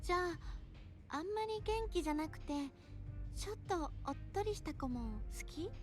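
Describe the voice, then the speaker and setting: A woman's voice: very high voice, quick pace, soft background music. An actress voicing a young woman hostess in a video game, asking light, curious questions. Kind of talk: Japanese game voice acting.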